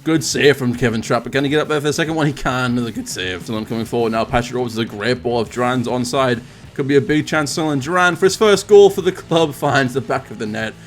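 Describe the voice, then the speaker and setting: Fast-talking excitable football commentator man. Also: fairly low pitch. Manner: excitable, rising sharply on goals. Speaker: gaming commentator. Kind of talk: mock football commentary over game highlights.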